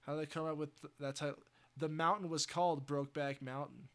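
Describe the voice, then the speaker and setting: A man's voice: fairly high pitch, steady tone, quick pace, fairly bright tone, clear, resonant tone. A man livestreaming, rambling casually with crude language and laughing asides. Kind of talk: casual chat.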